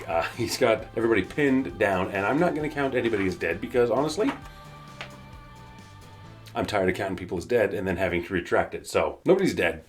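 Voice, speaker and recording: Fast-talking low-voiced man recapping comics. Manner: rambling, self-correcting. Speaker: comic book reviewer. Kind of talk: casual recap vlog.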